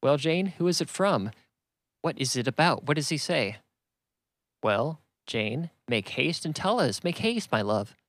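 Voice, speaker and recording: A man voicing an excitable, fussy middle-aged mother in a classic novel reading, raising his pitch a little. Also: a little slow, hardly any pauses, no room sound, studio quality. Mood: eager.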